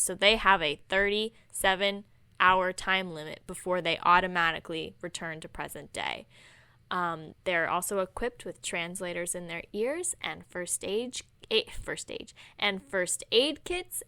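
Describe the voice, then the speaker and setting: A woman's voice: medium pitch, pushed and bright, smooth, no room sound. A young woman co-hosting a podcast, summarizing a novel's plot with wry, sarcastic asides. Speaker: podcast co-host. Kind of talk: casual chat recapping a novel.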